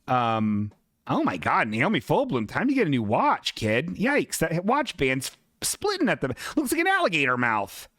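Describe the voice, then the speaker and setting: A man's voice: a little high, huge pitch swings, normal speed, a bit bright, no echo. A man hosting a livestream podcast, riffing in casual, profane, sarcastic rants about viewer submissions. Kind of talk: casual comedic chat reading viewer submissions.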